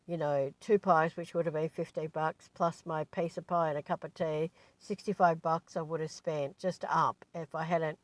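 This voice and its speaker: A woman's voice: deep voice, no room sound. A woman, a spiritual teacher, talking in a chatty, digressive way, full of asides. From Australia. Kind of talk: casual rambling monologue.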